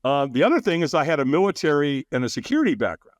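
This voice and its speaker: An animated man telling stories as a podcast guest, his voice sitting fairly high and swinging widely in pitch. He laughs often and acts out what others said. The sound is close and dry, with no room around it. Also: fast talker, no echo. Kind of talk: casual interview storytelling.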